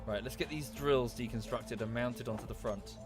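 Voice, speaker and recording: A man's voice: medium pitch, normal speed. Man, Estuary English accent, casual game-stream chatter, faint music underneath. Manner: chatty, thanks viewers by name, thinks aloud with restarts. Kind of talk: casual gameplay commentary.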